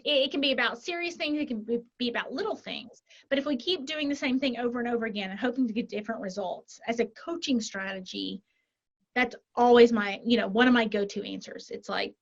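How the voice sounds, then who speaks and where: A woman life coach talking as a podcast guest, animated, walking through example scenarios and checking in with frequent tag questions. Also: on the high side, a little fast, gravelly, lo-fi sound. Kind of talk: conversational interview.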